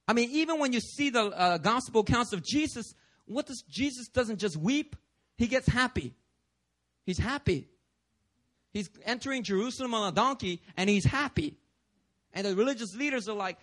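A man preaching a sermon, animated, acting out voices and laughing often. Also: sits high, normal speed. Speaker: pastor.

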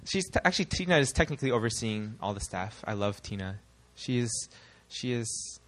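Preaching to his congregation, this young man from the United States speaks briskly in a medium pitch, staying animated and posing rhetorical questions.

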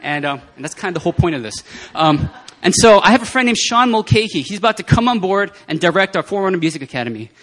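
A man speaking at a prayer meeting, telling personal testimony stories in an animated way and often laughing. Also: high-pitched, fast talker, few pauses. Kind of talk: testimony sermon.

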